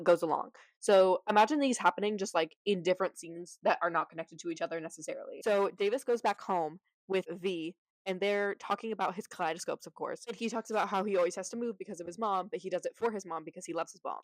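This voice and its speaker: A woman's voice: lowish voice, dry recording, poor audio. A woman recapping a movie in a casual, chatty way, sarcastic and full of fillers. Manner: chatty, sarcastic, heavy use of "like".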